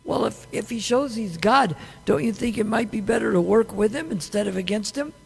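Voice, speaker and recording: A gravelly, husky, high-pitched man talks at normal speed while giving a scripture class. He teaches conversationally with plenty of rhetorical questions, and the temple hall adds a long reverb.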